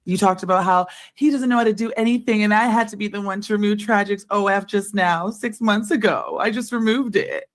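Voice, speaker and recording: A woman's voice: mid-range voice, fairly quick, hardly any pauses. A woman on a call arguing bluntly, throwing out sarcastic retorts. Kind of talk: heated casual argument.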